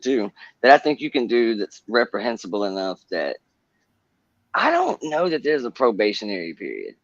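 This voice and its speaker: A man's voice: on the low side, no room sound, dull audio. A man talking frankly on an open panel and laughing easily. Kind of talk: casual chat.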